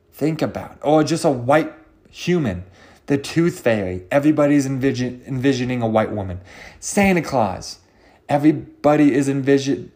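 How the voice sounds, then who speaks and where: A man's voice: mid-range voice, darkish tone. A man hosting a solo comedy podcast, rambling and profane, often interrupting himself.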